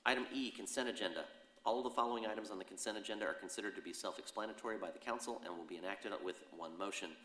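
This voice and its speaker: A man acting as mayor, chairing a city council meeting in a brisk, procedural way and reading the rules aloud. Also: on the low side, bright, forceful tone, slight background noise. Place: council chamber. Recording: roomy chamber with long reverb.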